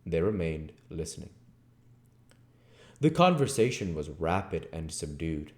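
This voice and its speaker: A man reading a classic novel aloud as audiobook narration. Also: extremely low pitch. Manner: slow, expressive reading. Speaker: audiobook reader.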